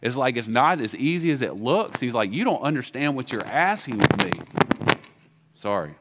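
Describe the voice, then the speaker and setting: A man with a Southern American accent preaching a sermon as pastor, acting out biblical dialogue in a casual, animated way. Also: mid-range voice, moderate pace, noisy background.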